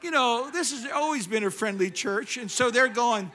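A man preaching a sermon, telling a story and swinging between loud, animated preaching and quiet storytelling. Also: very high-pitched, normal speed, hardly any pauses, slight background noise. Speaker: pastor. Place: church sanctuary.

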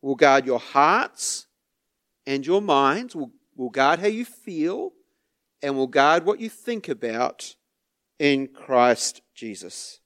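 A man preaching a sermon to his church, unhurried, with small laughs and repeated words. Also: medium pitch, big pitch swings, fairly bright tone. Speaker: pastor.

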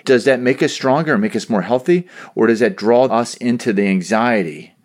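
A man's voice: medium pitch, normal speed. A man hosting a podcast, asking long, thoughtful, probing questions. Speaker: podcast host. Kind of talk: interview questions.

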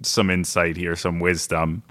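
A man co-hosting a casual chat podcast, quick and teasing with a blunt edge. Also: low-pitched, completely flat delivery, pushed and bright, no room sound, studio quality. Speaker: podcast co-host.

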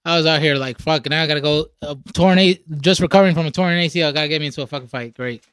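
A man's voice: a little high, rapid-fire, a bit bright, clean tone, no room sound, studio quality. A young man in casual podcast banter, laid-back and swearing casually. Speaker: podcast co-host.

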